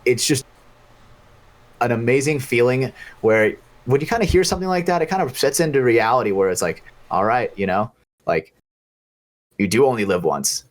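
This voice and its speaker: A man's voice: medium pitch, expressive, moderate pace. A man co-hosting a casual podcast, earnest and upbeat as he urges people to enjoy life. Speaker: podcast co-host.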